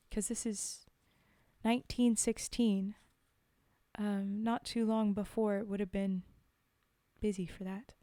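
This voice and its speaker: A woman's slow, warm, medium-pitched voice comes through flat in delivery, with clean studio sound and no echo. She's a streamer chatting casually between poem readings, giggling and using ums to fill pauses.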